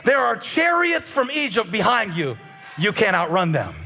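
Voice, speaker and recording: Male pastor, high and very expressive voice; humorous, animated sermon delivery. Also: moderate pace, vocal fry, faint music behind. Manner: animated and humorous, shouting at peaks.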